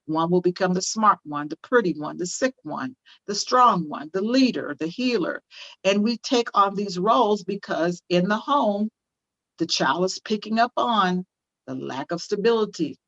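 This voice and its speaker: A woman's voice: lowish voice, lively intonation, moderate pace, no room sound, lo-fi sound. An older woman speaking as a parenting guest on a video call, impassioned, repeating phrases for emphasis. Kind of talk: conversational interview, teaching.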